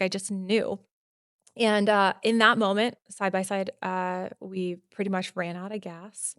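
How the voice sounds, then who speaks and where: A woman guest on a podcast telling a personal story in casual talk, animated and full of "like" fillers. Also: medium pitch, clean tone, no echo, studio quality. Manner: animated, acts out quotes, many "like" fillers.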